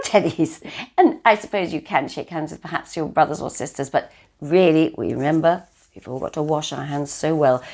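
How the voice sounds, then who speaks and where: Older woman as a kindly etiquette teacher for kids; low, husky voice, very animated delivery. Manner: gentle and encouraging, speaking to children. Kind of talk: children's etiquette lesson video.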